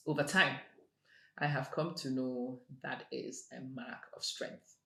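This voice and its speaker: A woman giving a motivational monologue in a measured, emphatic way, repeating her key phrases. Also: rumbling low, fairly even intonation, a bit bright. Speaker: motivational speaker. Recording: roomy echo with faint music.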